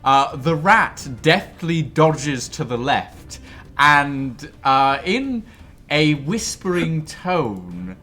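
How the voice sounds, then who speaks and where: A man's voice: fairly high pitch, big pitch swings, very slow, pushed and bright. A man running a tabletop game as game master, narrating with many fillers and laughing asides.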